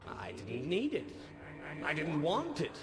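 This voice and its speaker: A man's voice: a little high, huge pitch swings, slow, crowd noise, voice pushed up, full character voice. A man voicing a scheming, petulant male god of murder in a game's dialogue, sarcastic and self-important, with game music behind him. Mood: haughty.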